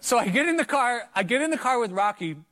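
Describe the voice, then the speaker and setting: A middle-aged man preaching in a conversational way, telling a personal story with earnest emphasis that climbs higher at key points. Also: animated, fast talker, sharp tone. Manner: earnest, anecdotal, rises in pitch for emphasis. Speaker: preacher sharing testimony.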